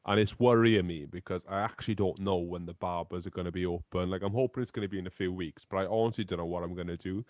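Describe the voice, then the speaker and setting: Young guy, lowish voice, ribbing his mate on a podcast, dry close sound. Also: quick pace, few pauses, no room sound. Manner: teasing storyteller, animated. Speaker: podcast co-host. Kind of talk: casual chat among friends.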